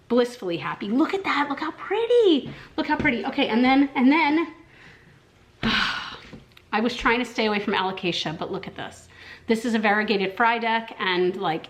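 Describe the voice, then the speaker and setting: Excitable Southern woman vlogger, gushing casual chat, slightly high pitch. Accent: American Southern. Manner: gushing, excitable, many fillers.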